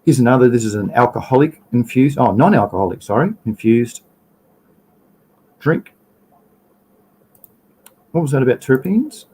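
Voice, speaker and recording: A man's voice: on the low side, a little mellow, poor audio. An Australian man hosting a casual livestream, rambling through slides, trailing off and restarting, greeting viewers in chat. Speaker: livestream host.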